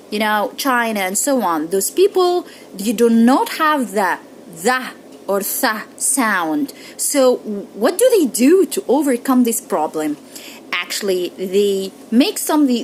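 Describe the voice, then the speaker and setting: Slow, lively woman teaching pronunciation. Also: on the high side, slight background noise, rough recording. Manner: slow, repeats example words with careful drills. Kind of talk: pronunciation lesson.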